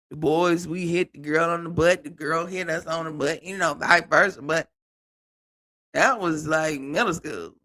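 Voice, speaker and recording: A man hosting a live stream, talking to viewers in a casual, animated way about reality TV clips. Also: high voice. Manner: animated, laughing, talks to viewers as "y'all". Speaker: host reacting to reality TV clips.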